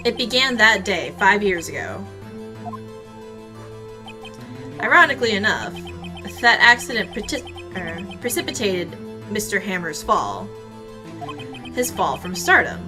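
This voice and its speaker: A woman's voice: mid-range voice, lively intonation, normal speed, over music, natural voice. A woman voicing an earnest young male defense lawyer, arguing dramatically in a courtroom game playthrough. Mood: accusing.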